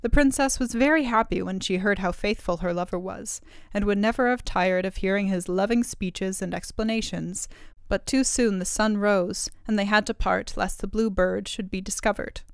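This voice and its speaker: Woman reading an old fairy tale, smooth clear voice, dry close mic. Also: medium pitch, no room sound. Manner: measured, expressive. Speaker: storyteller.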